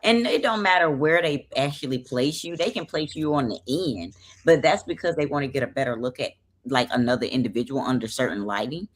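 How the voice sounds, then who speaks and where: Brief: Southern woman, late 30s, low voice with big pitch swings, sassy storyteller on a video call. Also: brisk. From American South. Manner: sassy, animated storytelling with playful put-downs. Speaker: guest athlete. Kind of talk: casual interview chat.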